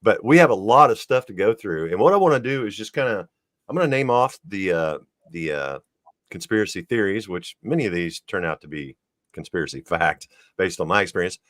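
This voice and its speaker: Deep-voiced man hosting, dry sound. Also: fairly quick, no echo. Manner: relaxed, easygoing, laughs between questions. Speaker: host. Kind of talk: casual interview chat.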